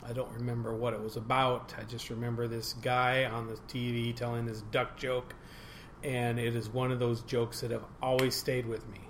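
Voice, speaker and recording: An older man co-hosting a casual podcast, telling a joke in a halting, self-deprecating way with many restarts. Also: medium pitch, little pitch movement, a bit bright, a little hiss or hum. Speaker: podcast co-host.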